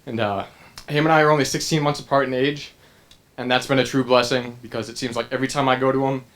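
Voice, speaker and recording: A young man giving a heartfelt best man's toast at a wedding, earnest and halting, with frequent pauses and restarts. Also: mid-range voice, fairly even intonation, a bit bright.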